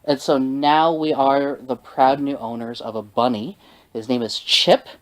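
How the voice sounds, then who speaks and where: A man's voice: medium pitch, steady tone, poor audio. Teasing young male podcast host. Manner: teasing joker, halting with fillers. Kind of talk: casual podcast chat.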